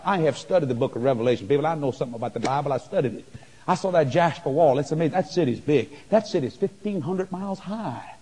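Husky-voiced man preaching in a big hall. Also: high voice. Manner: excited storytelling, stammers and exclaims. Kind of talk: sermon testimony.

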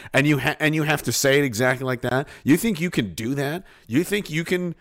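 A man's voice: on the high side, normal speed. A male podcast host chatting casually on a livestream, sarcastic and profane, often laughing at his own jokes.

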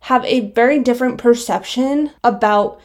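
Breathless young woman, higher voice. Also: moderate pace, a little mellow. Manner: reflective, earnest, explaining step by step. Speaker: vlogger. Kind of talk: casual commentary.

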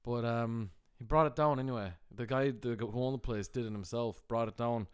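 A man co-hosting a podcast, telling stories in a casual, animated way, swearing freely and restarting his sentences often. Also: mid-range voice, fairly quick, clear, resonant tone. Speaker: podcast co-host. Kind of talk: casual chat.

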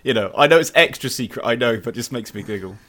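Man, casual co-host, teasing interjections, bright forceful voice. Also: mid-range voice, lively intonation, fast talker. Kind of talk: casual chat.

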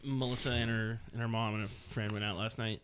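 A man's voice: lowish voice, fairly even intonation, fairly quick, a bit bright, a little hiss or hum. A man and father of a toddler daughter, chatting casually and telling stories with many hesitations and fillers. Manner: hesitant, filler-heavy storyteller. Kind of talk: casual chat.

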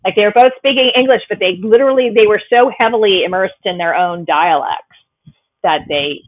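A woman's voice: mid-range voice, fairly quick, dry recording. Woman podcast host on a tinny line. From Boston. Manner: friendly, laughs often between remarks. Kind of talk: casual conversational interview. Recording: tinny phone-line sound.

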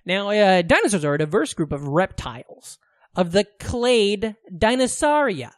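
Lively, high-pitched joking podcast host. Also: male voice, normal speed, no echo, clean studio sound. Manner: joking, profane, animated. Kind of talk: casual comedic chat.

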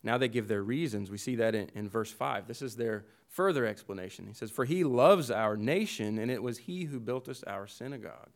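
A man's voice: lowish voice, brisk, vocal fry, hardly any pauses. A pastor preaching an earnest expository sermon, building his points through emphatic repetition, with frequent restarts.

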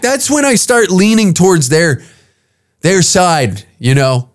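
A man's voice: high-pitched, big pitch swings, slow pace. A man in his fifties hosting a comedy podcast, ranting in a profane, rambling, incredulous way. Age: 50s. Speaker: podcast host.

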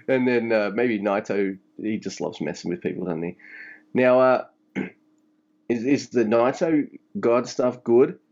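A man co-hosting a casual podcast, talking fast and animated with plenty of swearing. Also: medium pitch, dull audio. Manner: animated, swearing, mock-voices for quotes. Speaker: podcast co-host. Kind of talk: casual wrestling chat.

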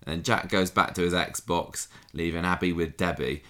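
A man's voice: deep voice, steady tone, moderate pace, fairly bright tone. A man, co-hosting a podcast and chatting casually, laughing and acting out quotes as he recaps. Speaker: podcast co-host. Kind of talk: casual chat recapping a soap.

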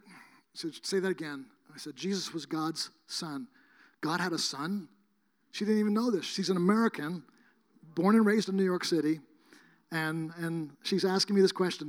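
A middle-aged male preacher with a high voice tells a story from the pulpit. He acts out both sides of a conversation with animated energy. His voice rings out with the long reverb of a large hall. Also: fairly quick. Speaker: pastor. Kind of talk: sermon storytelling.

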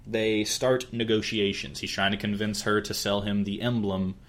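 Guy with a lowish voice recapping an anime plot on a podcast, jumps into character voices. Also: moderate pace. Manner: animated storytelling, acts out character lines. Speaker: podcast co-host.

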